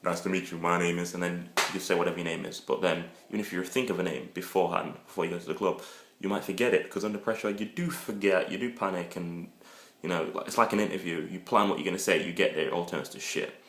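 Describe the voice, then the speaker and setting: A man with a very low voice rambles through crude, joking advice, full of fillers and asides. He sounds like he is in an echoey room, as in a homemade video. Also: steady tone, quick pace, hardly any pauses, fairly bright tone. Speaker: vlogger giving dating advice. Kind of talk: casual comedic monologue.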